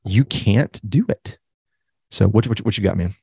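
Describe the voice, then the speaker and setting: A man co-hosting a casual Bible study discussion, enthusiastic and animated, often repeating his agreement. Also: on the low side, normal speed, vocal fry, breathy edge, dry recording, clean studio sound.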